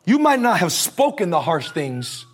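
A man's voice: sits high, sing-song, unhurried. A male preacher giving a conversational, slangy sermon, leading the congregation in call-and-response.

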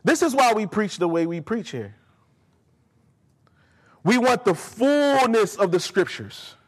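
A man's voice: high voice, sing-song, takes it slowly. A man preaching a sermon, emphatic and speaking directly to his congregation in a church. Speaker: pastor. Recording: long hall reverb.

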